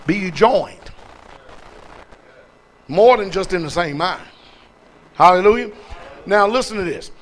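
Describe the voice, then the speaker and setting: A man's voice: high-pitched, animated, takes it slowly, long pauses, slight background noise. A man preaching from the pulpit. He throws questions at the congregation and hammers single words again and again. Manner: call-and-response, repeating words for emphasis. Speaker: pastor. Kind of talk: preaching sermon.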